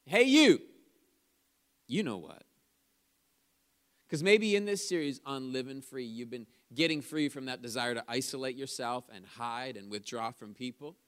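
Smooth-voiced energetic preacher man. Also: medium pitch, normal speed, hardly any pauses. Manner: energetic preaching with calls to the congregation; chatty storytelling asides. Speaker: pastor. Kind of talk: sermon. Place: church service.

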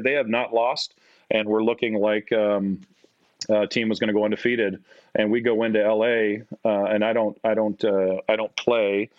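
A middle-aged man with a Canadian accent, a podcast guest telling stories in a casual, animated way. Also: normal speed, no echo. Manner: animated, acts out quotes in a higher voice. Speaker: podcast guest, former basketball player. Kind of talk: casual storytelling. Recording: dry, slightly dull audio.

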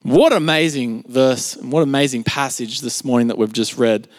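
A man's voice: medium pitch, moderate pace, long reverb tail. A man with an Australian accent preaching a sermon in a conversational, storytelling way, full of filler words. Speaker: pastor. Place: church service, streamed.

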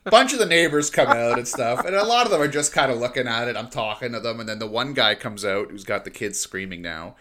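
A man's voice: medium pitch, lively intonation, fairly quick, few pauses, background noise. A man co-hosting a podcast, chatting casually, swearing freely and laughing as he tells stories. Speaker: podcast co-host. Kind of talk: casual chat.

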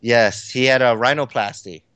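一位男性播客联合主持人，随意闲聊，说话啰嗦，常带填充词，笑声不断。. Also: male voice, medium pitch, moderate pace, a bit bright, clear, resonant tone, no echo. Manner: rambling, filler-heavy, laughs easily. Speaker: podcast co-host. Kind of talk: casual chat.

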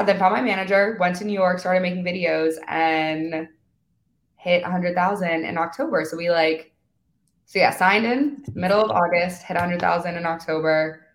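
A young woman in her twenties chats as a podcast guest, her voice sitting a little low. She keeps acting out little quoted exchanges and scatters fillers everywhere. Her voice carries a noticeable room echo. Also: moderate pace. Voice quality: valley-girl filler talk, animated quoting. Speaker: guest influencer. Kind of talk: casual chat.

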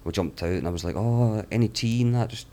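Speaking fast in a fairly low pitch, this young podcast guest shares tales from his travels. He swears without restraint and animatedly performs the voices of people he encountered, keeping the storytelling casual.

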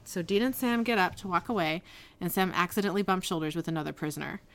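A woman's voice: on the low side, fast. A woman co-hosting a casual podcast, recapping a TV episode from her own written notes and chatting with a friend. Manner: reads quotes from her written recap, giggly.

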